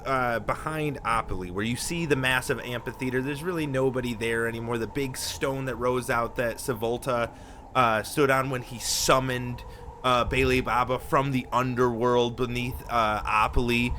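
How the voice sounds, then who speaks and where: A man narrating a tabletop game as game master, playful and quick to laugh. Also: mid-range voice, fairly even intonation, noisy background.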